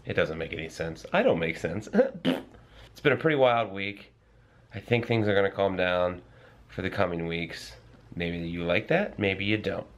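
A man in his thirties, a father talking casually to his vlog camera with joking, self-mocking asides. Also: low voice. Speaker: vlogger and father. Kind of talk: casual family vlog narration. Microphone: handheld camera mic.

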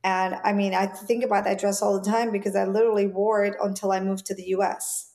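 A woman in her forties, born in Jamaica, speaks with a light Jamaican lilt. She tells her childhood stories in a lively way and slips into the voices of the people she quotes. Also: mid-range voice, fairly quick. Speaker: stylist guest. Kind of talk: interview storytelling.

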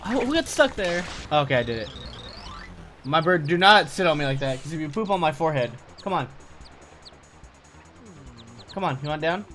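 A young man streaming a video game, reacting with excitable, profane commentary and talking back at the screen. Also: fairly high pitch, normal speed, pauses often. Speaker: gaming streamer. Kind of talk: casual live-stream gameplay commentary. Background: game music.

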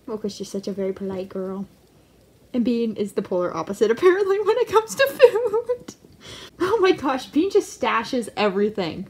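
Her voice sits on the high side, with a sing-song lilt and a normal speed. This pet rat owner hosts her own channel, filming her rats at home and keeping the talk light: playful chatter, frequent laughter and affectionate scolding.

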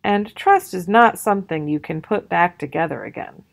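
A woman voicing a calm, loving mother bear from a storybook, in a soft and reassuring way. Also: on the low side, normal speed, gravelly. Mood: gentle.

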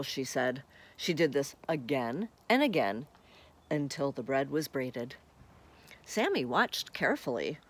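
A woman's voice: deep voice, lively intonation, measured pace. Friendly woman reading a children's book aloud. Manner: friendly, talks to young listeners. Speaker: storybook reader.

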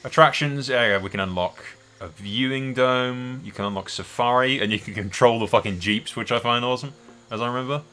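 A man's voice: mid-range voice, a little fast, sharp tone. A man doing casual let's-play commentary, thinking aloud and swearing often. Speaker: gameplay host.

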